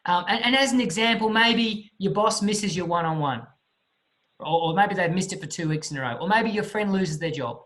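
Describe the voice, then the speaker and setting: A man giving a motivational talk, telling a story in an animated way with vivid sound effects. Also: sits high, normal speed, low-quality recording. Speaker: motivational speaker.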